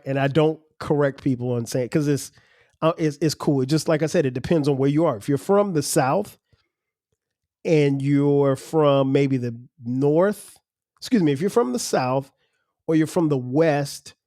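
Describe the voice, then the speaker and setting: A man's voice: fairly high pitch, warm tone, no echo, studio quality. A man hosting his own podcast, talking casually and loosely, restarting his words as he goes. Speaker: podcast host. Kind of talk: casual solo podcast talk.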